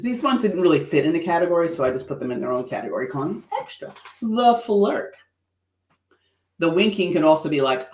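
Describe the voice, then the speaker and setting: A man of middle pitch teaches presenters over a livestream, lively and playful. He breaks into little acted-out bits between his points. The sound is roomy, with a clear echo around his voice. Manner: animated, acts out facial expressions with playful asides. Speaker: presentation coach hosting a livestream. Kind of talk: livestream lesson.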